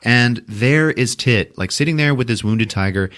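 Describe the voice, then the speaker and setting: A man hosting a podcast, recapping a movie with lots of swearing and laughter, jumping into loud shouted character voices. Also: mid-range voice, animated, normal speed. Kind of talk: animated comedic movie recap.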